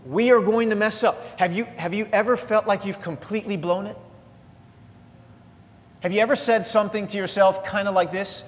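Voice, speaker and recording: A middle-aged man preaches a sermon in a church sanctuary, his voice sitting a little high for a man. He swings between lively exhortation and soft, confessional asides. The sound carries a long reverb from the hall. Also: moderate pace. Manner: energetic preaching, animated, drops to soft asides. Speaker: pastor.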